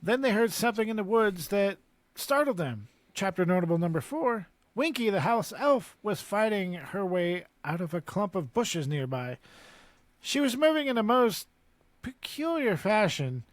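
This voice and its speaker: High-voiced casual podcast host, man. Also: sing-song, moderate pace, no echo. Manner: casual, reads recap notes, chatty asides. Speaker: podcast host reading chapter notes.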